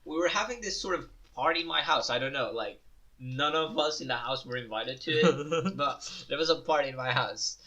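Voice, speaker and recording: Bright-voiced young man telling stories. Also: medium pitch, a little fast. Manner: swearing, laughing storyteller who imitates voices. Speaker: podcast co-host. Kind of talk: casual chat.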